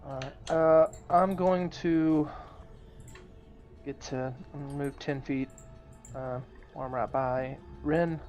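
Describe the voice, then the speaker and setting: A man's voice: fairly high pitch, fairly even intonation, drawn-out words, long pauses, darkish tone, soft background music. A man playing an online tabletop game, talking through his moves aloud with many fillers and restarts. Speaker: player.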